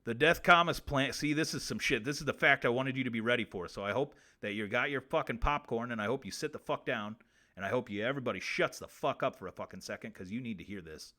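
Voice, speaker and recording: A man's voice: mid-range voice, quick pace, pushed and bright. A man hosting a comedy show, ranting crude facts and swearing constantly. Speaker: host. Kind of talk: profane comedic fact monologue.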